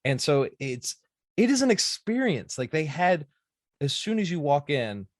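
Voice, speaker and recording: A man in his thirties, a podcast host telling stories in a rambling, excitable casual chat. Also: fairly high pitch, a little slow, dry recording, clean studio sound.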